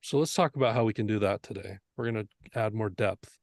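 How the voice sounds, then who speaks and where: A man's voice: on the low side, brisk, vocal fry, darkish tone, dry recording, clean studio sound. A man teaching audio mixing, explaining earnestly and asking rhetorical questions as he goes. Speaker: mixing instructor.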